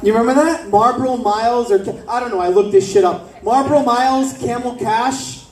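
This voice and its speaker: A man from South Florida doing stand-up, his voice sitting high and bright above the usual male range. He rattles off brash, profane riffs with quick asides to the crowd. The sound is roomy and caught from a mic some distance off on a club stage. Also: slight background noise. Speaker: stand-up comedian. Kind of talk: stand-up set.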